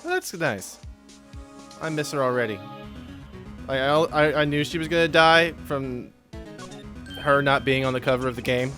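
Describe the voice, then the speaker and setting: A man chatting casually over a game, self-mocking and quick to laugh. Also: medium pitch, fairly even intonation, bright, forceful tone, soft background music. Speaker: video host and player. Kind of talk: casual gameplay chat.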